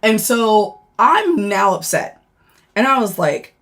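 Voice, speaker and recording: A woman, a former corrections officer, casually telling a story on a livestream, animated and profane, with lots of fillers. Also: mid-range voice, slow pace. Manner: animated, profane, laughing and dramatizing; chatty with many fillers.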